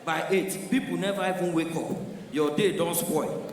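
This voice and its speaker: A man's voice: on the high side, fairly even intonation, normal speed, slight background noise. A man with a Nigerian Pidgin accent doing live stand-up, telling stories animatedly and switching into character voices. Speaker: stand-up comedian. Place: large live comedy venue. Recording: echoey hall from far off.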